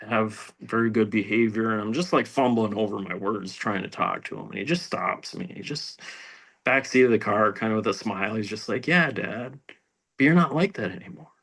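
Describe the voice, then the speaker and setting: A middle-aged man telling his recovery story in a rambling, halting way, full of restarts and fillers, dropping to a near whisper at painful moments. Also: lowish voice, fairly even intonation, vocal fry, a bit bright. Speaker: speaker sharing recovery story. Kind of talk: personal testimony at a recovery meeting.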